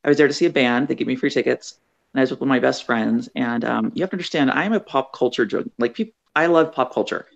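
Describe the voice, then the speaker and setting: Middle-aged woman author guest, fry in the voice, acts out her stories; muffled call sound. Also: rumbling low, quick pace. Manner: acts out quoted voices, chatty. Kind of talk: animated storytelling in an interview.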